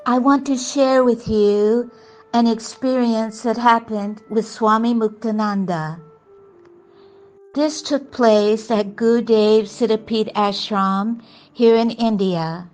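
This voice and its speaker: An older woman telling a personal spiritual story in a gentle, earnest way. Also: fairly high pitch, slow, faint music behind. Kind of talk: reflective personal testimony.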